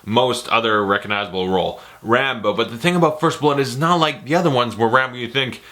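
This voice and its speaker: A man giving a casual, jokey movie ranking, excitable and profane. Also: medium pitch, fairly quick. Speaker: movie reviewer.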